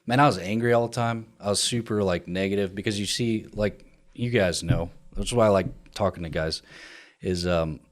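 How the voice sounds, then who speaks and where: A man's voice: on the low side, moderate pace. A man speaking in a candid podcast conversation, blunt and profane as he tells confessional stories about his military past. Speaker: guest, veteran and co-founder.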